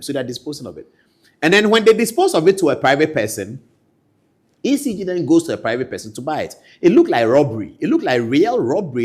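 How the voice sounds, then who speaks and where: A man with a Ghanaian accent giving political commentary, animated and swinging between loud outbursts and low asides. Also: slightly rough.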